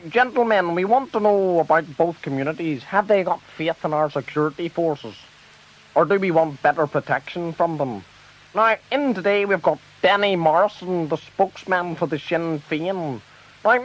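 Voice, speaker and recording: A man's voice: high-pitched, moderate pace, a bit bright. A man with a Northern Irish accent playing a flustered TV debate presenter who fusses to keep order. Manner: fussy, trying to keep order. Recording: dull lo-fi record.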